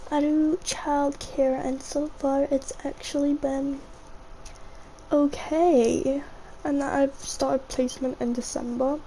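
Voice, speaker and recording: Chatty young woman, high voice. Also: level tone, takes it slowly, warm tone, a little hiss or hum, poor audio. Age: young adult. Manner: chatty and rambling, often says "mate". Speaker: gaming vlogger. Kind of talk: casual rambling gameplay voiceover.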